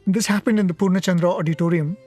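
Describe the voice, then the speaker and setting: A man from India speaking at a satsang, telling a devotional story in an unhurried, reflective way with frequent pauses. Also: high voice, steady tone, a little mellow, faint music behind.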